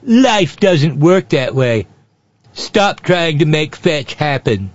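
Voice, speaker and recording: A man's voice: fairly high pitch, animated, normal speed, voice pushed up. A man doing a bragging pompous politician. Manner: bragging, rambling. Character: boastful, self-pitying male politician. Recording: dry, dull lo-fi sound.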